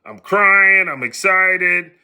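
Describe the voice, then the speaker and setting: Speaking slowly in a high-pitched, clean tone, a middle-aged American man casually relates a personal story on his podcast. He's animated and mimics the voices of the people he quotes.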